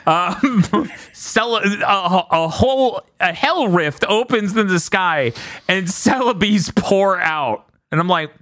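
A man's voice: high-pitched, slow, a bit bright, dry recording, clean studio sound. A man hosting a podcast, retelling a film scene by scene in casual chat, acting out the characters' lines and laughing often. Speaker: podcast host recapping a film.

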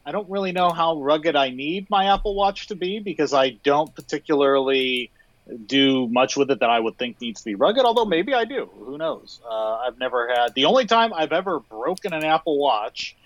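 A man co-hosting a casual tech podcast, speaking in a thoughtful, measured way with frequent fillers. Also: a little high, lively intonation, fairly bright tone, no echo, lo-fi sound. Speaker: podcast co-host.

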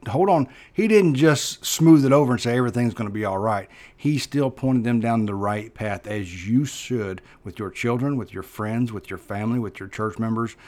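A pastor preaching with earnest feeling, his voice at a middle pitch. He hammers key words louder, then falls to a hushed, slow close. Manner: earnest, emphatic preaching with sudden loud stresses and hushed drops. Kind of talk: sermon.

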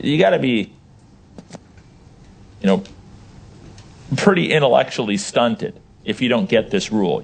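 A man teaching a Bible class, explaining verses with emphasis and putting questions to his listeners. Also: medium pitch. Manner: animated, emphatic, asks the audience questions.

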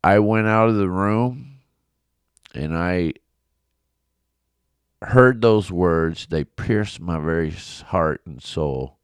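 Deep, slow-talking middle-aged pastor. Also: male voice, clean tone, no echo, clean studio sound. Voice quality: big coach's voice. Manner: earnest, confessional storytelling with many restarts. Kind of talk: devotional podcast teaching with personal story. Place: home office studio.

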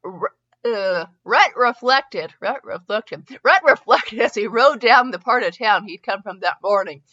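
A middle-aged woman reads a fanfiction story aloud, her voice bright and sharp. She often trips over words and starts again. The recording is muffled and lo-fi. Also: mid-range voice, normal speed. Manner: stumbles and restarts often, chatty asides. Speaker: fanfiction reader and podcast host. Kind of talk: reading a story aloud with asides.

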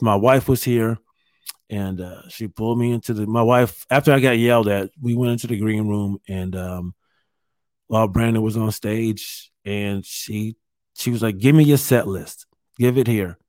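A stand-up comedian from Ohio telling a candid story to camera from a hotel room, pausing often and restarting his sentences. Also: mid-range voice, a little mellow, no echo, studio quality. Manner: halting, many fillers and restarts, candid.

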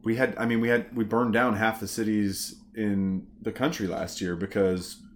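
A man's voice: lowish voice, moderate pace, a little hiss or hum. A man from the United States hosting a casual political chat, blunt and opinionated. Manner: blunt, opinionated, backs up the guest with steady agreement.

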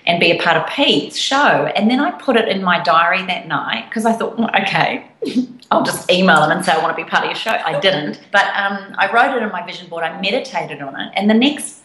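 A woman co-hosting a podcast, telling stories in an enthusiastic, animated way. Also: on the low side, brisk. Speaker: podcast co-host. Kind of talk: casual chat. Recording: echoey room.

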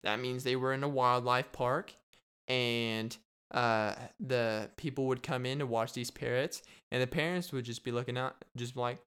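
A man's voice: medium pitch, steady tone, normal speed, fairly bright tone, smooth. A young man hosting a casual solo podcast, rambling and joking, laughing at his own bits. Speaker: podcast host.

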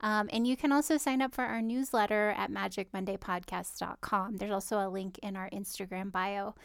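A woman's voice: medium pitch, fairly even intonation, brisk, creaky, clear, resonant tone, no room sound, studio quality. A woman co-hosting a podcast, chatting casually and rambling through her thoughts with lots of "like". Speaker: podcast co-host. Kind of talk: casual chat.

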